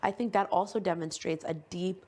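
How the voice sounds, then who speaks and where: A woman chatting casually as a reality show houseguest, animated, quoting others and swearing freely. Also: fairly low pitch, normal speed. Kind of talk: casual chat.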